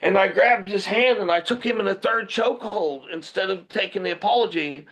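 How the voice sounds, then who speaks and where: A man, a guest pro wrestler, telling a personal story in animated podcast chat and acting out the dialogue. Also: high voice, a little fast, highs cut off. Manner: vivid retelling that acts out the dialogue.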